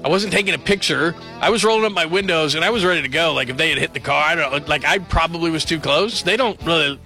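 A man hosts late-night sports radio, rambling and joking from the studio. His voice sits a touch high and sounds bright and forceful. Soft music plays underneath. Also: fast talker.

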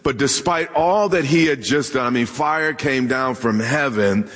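A man's voice: medium pitch, unhurried, a bit bright. A man preaching a sermon, joking with and asking questions of his congregation. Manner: humorous, talks directly to the congregation. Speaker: pastor. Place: church hall with live audience. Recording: long hall reverb.

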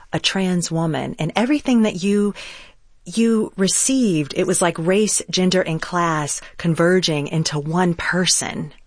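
Interviewer, measured and reflective, mid-pitched voice, dry close sound. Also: no echo. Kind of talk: interview questions.

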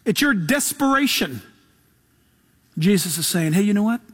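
Casual, animated preacher man. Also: high-pitched, normal speed, slightly rough. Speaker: pastor. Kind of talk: sermon.

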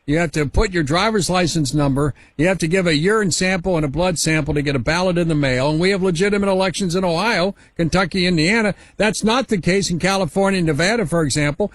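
A talk radio host with a fairly high voice rambles through halting questions. He sounds close and dry, in a dead studio. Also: dry recording.

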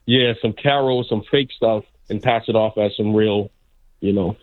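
A man's voice: lowish voice, fairly even intonation, normal speed, no room sound. Laid-back male caller over the phone. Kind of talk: call-in radio. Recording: phone line.

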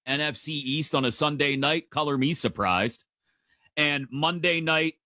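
A man's voice: a little high, a bit bright, no room sound, clean studio sound. A man in his forties hosting a sports podcast, giving playful, emphatic opinions in casual commentary.

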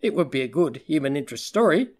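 A man narrating a crime novel audiobook in a steady, even storytelling manner. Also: a little high, fast talker. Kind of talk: scripted narration.

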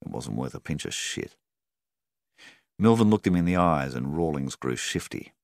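A man narrating a story in a measured, steady reading style. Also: very deep voice, gravelly, no echo, clean studio sound. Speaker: audiobook narrator. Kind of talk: scripted narration.

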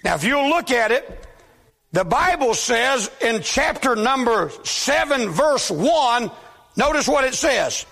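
A married man preaching a sermon to a church, often shouting with emphasis. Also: extremely high pitch, sing-song, slow pace, gravelly. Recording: long reverb of a hall.

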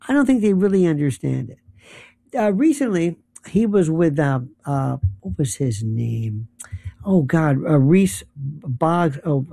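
A man's voice: fairly high pitch, creaky, warm tone, no room sound, clean studio sound. A man delivering an impassioned political monologue, firing off rhetorical questions and rambling as he gropes for names. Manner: heated, rhetorical, rambling, often searching for names.

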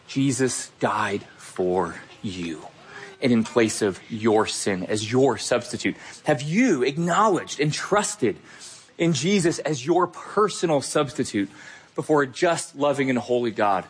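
Earnest preaching man, husky. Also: medium pitch, lively intonation, moderate pace. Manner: emphatic, earnest, repeats key phrases. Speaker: pastor. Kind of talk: sermon.

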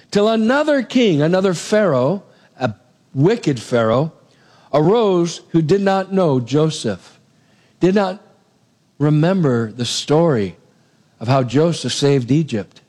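A middle-aged man preaching a sermon, retelling a Bible story with animated storytelling and acting out the lines of its people. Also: a little high.

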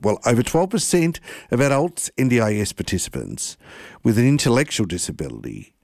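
A man's voice: medium pitch, darkish tone, dry recording, clean studio sound. A man with an Australian accent hosting a community radio talk show, stumbling over words and laughing at himself. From Tasmania, Australia. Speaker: radio host.

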